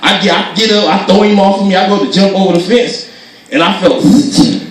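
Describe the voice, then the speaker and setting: A man doing stand-up storytelling, animated and acting out voices as he laughs through his jokes. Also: sits high, fast talker. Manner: animated, acts out voices, laughs while telling. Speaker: stand-up comedian. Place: gospel comedy show venue. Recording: echoey hall from far off.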